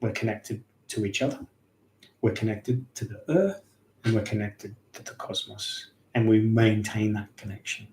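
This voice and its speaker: A man voicing an ancient, weary old grandpa gum tree that lectures slowly and heavily. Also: fairly low pitch, fairly even intonation, darkish tone, a little hiss or hum, lightly acted. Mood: solemn. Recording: roomy echo.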